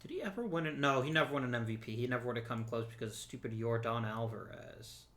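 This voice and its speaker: A man records casual let's play commentary in a bright, forceful voice. He jokes as he goes and talks straight to the viewers and the players in the game. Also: mid-range voice, fast. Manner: chatty and joking, talks to the viewers and to the players on screen.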